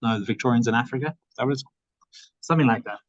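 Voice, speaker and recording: A man chairs an academic seminar and offers his comments haltingly, stacking fillers and restarting his phrases. The sound is very dry and close, with a dull, lo-fi tone. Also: medium pitch, no echo. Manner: hesitant, many fillers and restarts.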